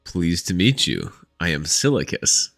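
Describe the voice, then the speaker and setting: A man's voice: sits low, huge pitch swings, a little slow, vocal fry, a bit bright, no room sound, soft background music. A man playing in a tabletop game, talking casually in character, jokey and blunt. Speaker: player.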